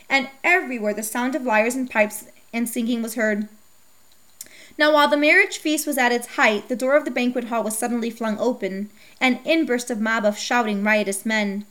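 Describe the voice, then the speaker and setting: A woman narrating a myth as a storybook reading, with a steady, measured delivery. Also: fairly high pitch.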